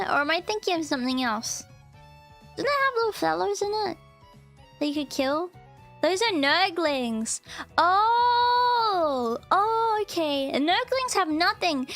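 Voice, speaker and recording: A woman's voice: very high voice, a bit bright. A woman streamer chatting casually and playfully with her viewers, often thanking them. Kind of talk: casual live-stream chat.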